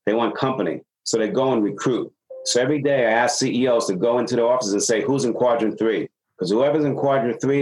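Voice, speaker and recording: A man's voice: medium pitch, low-quality recording. A man working as a business consultant, giving advice in a casual talk and acting out dialogue as he tells stories. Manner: animated storyteller acting out dialogue.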